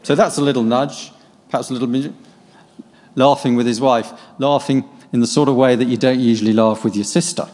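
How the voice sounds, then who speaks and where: A man's voice: mid-range voice, fairly even intonation, darkish tone. Musing man in a reverberant hall. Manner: reads scripture aloud, then muses on it with pauses and fillers. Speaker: preacher preparing a sermon. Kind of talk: thinking aloud through a Bible passage.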